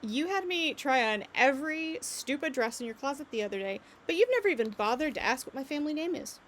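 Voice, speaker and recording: A woman's voice: high-pitched, animated, fast, fairly bright tone, pitched above the performer's own voice. A woman voicing a blunt young woman, a former lady's maid turned spy, scolding and lecturing in a tabletop game.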